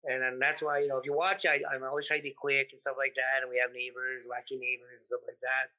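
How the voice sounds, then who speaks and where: A man from the United States, a comedian guest in a casual interview, talking in an animated, profane way and acting out his stories. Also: medium pitch, fast, poor audio.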